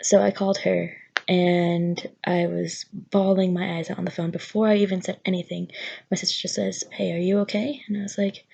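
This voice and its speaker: A woman's voice: on the low side, little pitch movement, unhurried, creaky, husky, dull audio. A young woman telling a personal story in a vlog, nervous and rambling with many fillers. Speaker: vlogger.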